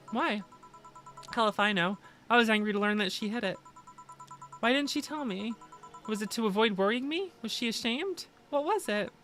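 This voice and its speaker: A woman's voice: a little high, expressive, normal speed, fairly bright tone, soft background music. A woman reading a visual novel's dialogue aloud on a stream, doing every part herself in a plain delivery.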